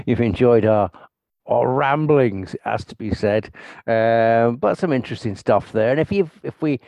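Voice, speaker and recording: A man's voice: mid-range voice, a little mellow, no room sound. An older man hosting a podcast in casual chat, rambling with restarts and laughing often. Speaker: podcast host.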